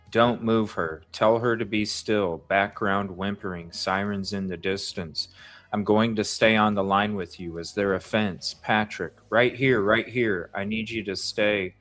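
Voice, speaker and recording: A man with a lowish voice who talks slowly and deliberately while hosting a live stream. He reads a transcript aloud and answers viewers' chat messages. Faint music plays underneath. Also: a bit bright. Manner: reads out chat comments and asks viewers to vote.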